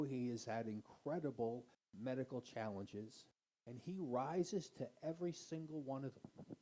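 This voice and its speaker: A man's voice: mid-range voice, dark tone, low-quality recording. A man giving an earnest, admiring spoken introduction of a speaker at church.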